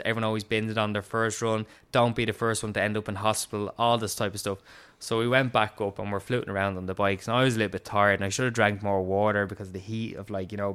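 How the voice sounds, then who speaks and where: Young Irish man, casual storyteller, slightly low and smooth voice, swears and laughs a lot. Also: fairly bright tone. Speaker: guest telling a story. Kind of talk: casual chat.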